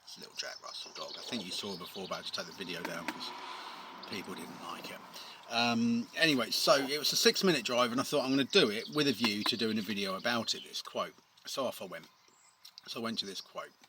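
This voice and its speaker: A man's voice: lowish voice, fast talker. A man, a painter and decorator, telling a rambling story to camera outdoors, with wry asides and many ums. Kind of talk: casual storytelling vlog. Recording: loud outdoor background noise. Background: birdsong and outdoor noise.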